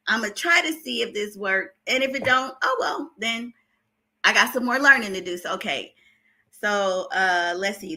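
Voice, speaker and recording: A woman's voice: fairly high pitch, bright, forceful tone. A middle-aged woman with an Oakland accent hosting a casual gossip livestream, greeting viewers by name and laughing between remarks. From Oakland, California. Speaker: celebrity gossip livestream host.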